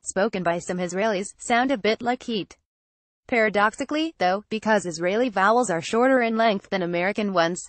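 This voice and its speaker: A woman reading a written article aloud in a measured, even way. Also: mid-range voice, dry recording. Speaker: reader.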